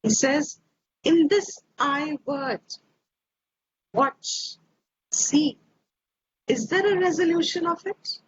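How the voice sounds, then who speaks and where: A woman teaching scripture slowly and reflectively, repeating her phrases, over a video call. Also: sits high, expressive. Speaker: Vedanta teacher. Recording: dull lo-fi audio with faint hiss.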